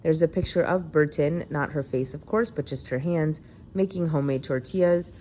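A woman's voice: low-pitched, normal speed, warm tone, a little hiss or hum. A woman reading a feature article aloud in a plain narrating delivery.

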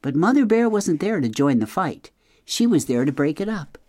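Expressive woman reading a storybook aloud. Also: deep voice, normal speed, no echo, clean studio sound. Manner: expressive, addresses the listener. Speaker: radio reader and host.

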